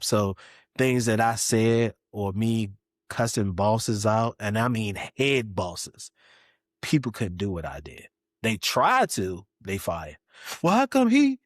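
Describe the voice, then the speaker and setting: Low-voiced man, animated storyteller. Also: no room sound, clean studio sound. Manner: animated, acts out other people's voices with big pitch jumps. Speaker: podcast guest. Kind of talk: candid personal storytelling.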